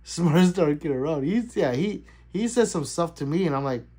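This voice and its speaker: A man's voice: fairly high pitch, expressive, moderate pace, mellow, husky. A middle-aged man hosting a casual livestream, laughing easily and answering his chat as it comes in. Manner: loose, laughing, chatty, reading out chat. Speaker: livestream host.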